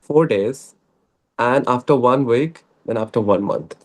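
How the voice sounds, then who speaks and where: A man's voice: mid-range voice, measured pace. A young man with an Indian English accent, a guest talking earnestly and a little hesitantly about learning English. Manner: earnest, hesitant, laughs often. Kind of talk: casual chat.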